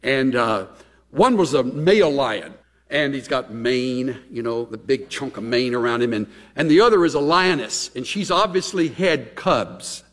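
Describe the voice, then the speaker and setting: A middle-aged man preaching a chatty, conversational sermon with animated, folksy asides. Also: mid-range voice, a little slow. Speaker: pastor. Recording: long hall reverb.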